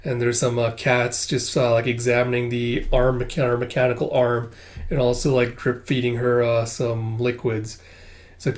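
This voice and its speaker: A man's voice: medium pitch, flat delivery, normal speed. Chatty man reading a comic aloud. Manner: chatty, swears, many fillers. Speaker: comic book reader and reviewer. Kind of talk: casual read-along commentary.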